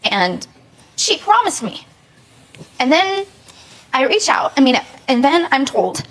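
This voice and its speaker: A woman's voice: sits high, very animated, takes it slowly, poor audio. A young adult woman telling her story as a talk show guest, pleading and emotional, recorded in a TV studio.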